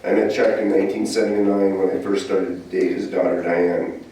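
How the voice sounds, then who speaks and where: A man's voice: low-pitched, flat delivery, a little fast, warm tone, a little hiss or hum. A man in his sixties giving a humorous eulogy for his father-in-law at a memorial service. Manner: humorous storytelling. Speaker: eulogy speaker, son-in-law. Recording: echoey hall from far off.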